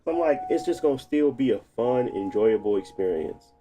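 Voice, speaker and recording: A man streaming live, chatting casually while tinkering with settings, thinking out loud and laughing often. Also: mid-range voice, expressive, moderate pace, soft background music. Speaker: gaming streamer.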